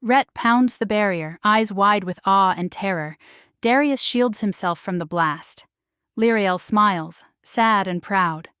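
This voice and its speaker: A woman's voice: mid-range voice, slow, smooth, no room sound, clean studio sound. Woman narrating an emotional romance story. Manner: emotional, hushed dramatic reading. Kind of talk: first-person romance storytelling.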